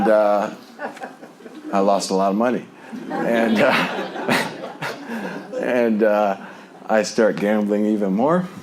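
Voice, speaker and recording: A man's voice: low voice, background noise. A man sharing a personal recovery testimony in a conversational, rambling way, full of fillers and small laughs. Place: Lubbock, Texas.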